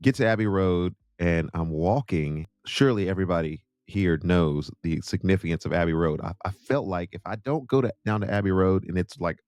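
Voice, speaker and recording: A man's voice: sits low, a little fast, hardly any pauses, darkish tone, no room sound. An American man, a Christian music artist, telling a rambling story in a casual chatty monologue with asides to his viewers.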